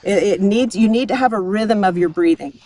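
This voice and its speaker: A woman's voice: medium pitch, normal speed, mellow, dry recording. A woman hosting a casual health talk while out on a hike, explaining things in an upbeat way. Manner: explanatory, upbeat, laughs easily. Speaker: host. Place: outdoors on a hike.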